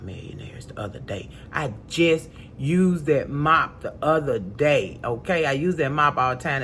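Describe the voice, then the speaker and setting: A woman telling a story to her viewers at home, dropping to low mutters and jumping to high panicked cries. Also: a little hiss or hum. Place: home indoors.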